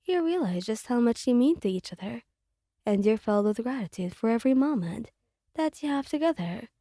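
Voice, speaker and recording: A woman narrates a story in a steady read-aloud manner. Her voice sits a little high but sounds mellow and soft-edged, and the recording is dry and close with no room sound. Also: fairly quick, no echo. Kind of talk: reading a fan fiction story aloud.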